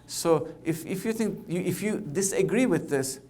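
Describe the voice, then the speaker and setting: Halting, conversational male oncologist speaking. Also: sits high, animated, darkish tone. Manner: conversational, halting, repeats words. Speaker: oncologist giving a keynote. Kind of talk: conference keynote speech.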